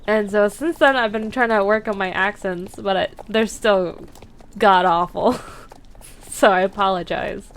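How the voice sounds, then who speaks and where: A woman's voice: mid-range voice, a little slow, a little hiss or hum. A woman streamer chatting casually and laughing at herself while playing a horse-riding game. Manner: chatty, giggly, self-deprecating. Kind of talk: casual gameplay commentary.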